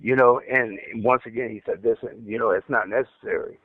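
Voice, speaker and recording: A man's voice: medium pitch, fairly even intonation, a little fast, dry recording. Stuttering man on a tinny phone line. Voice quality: stutters, repeats words and restarts often. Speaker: caller recounting an interrogation. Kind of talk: casual phone account.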